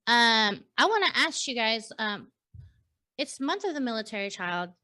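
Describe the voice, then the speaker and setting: A woman in her thirties from San Diego hosting a casual panel chat, telling stories in a chatty, animated way. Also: a little high, normal speed. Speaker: host.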